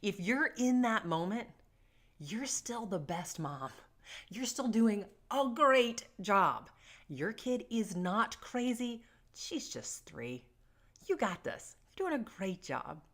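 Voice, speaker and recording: A woman's voice: medium pitch, big pitch swings, takes it slowly, a bit bright. A middle-aged woman giving casual parenting advice to camera, joking and self-deprecating as she tells stories. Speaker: parenting vlogger.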